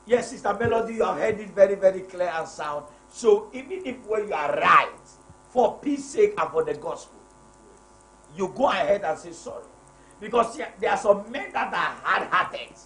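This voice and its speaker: Emphatic high-voiced preacher man, echoey room. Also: expressive, normal speed, a bit bright. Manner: emphatic, repeats key phrases, preacherly. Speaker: pastor hosting a live marriage program. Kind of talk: live-stream chat reading viewer comments. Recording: echoey room with faint noise.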